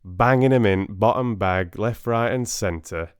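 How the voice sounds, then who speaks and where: A man's voice: on the low side, measured pace, clear, resonant tone, no room sound, clean studio sound, lightly acted. A man voicing a brash, cheeky Yorkshire storyteller in a put-on broad Yorkshire accent, rowdy and full of slang. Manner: rowdy, slangy, keeps asking "right?".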